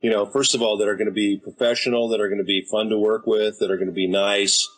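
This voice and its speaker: A man's voice: lowish voice, little pitch movement, fast talker, a bit bright, husky, rough recording. An American man in his fifties, a voice actor and director, telling stories in an easygoing, anecdotal way as an interview guest. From United States. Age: 50s. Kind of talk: casual interview talk.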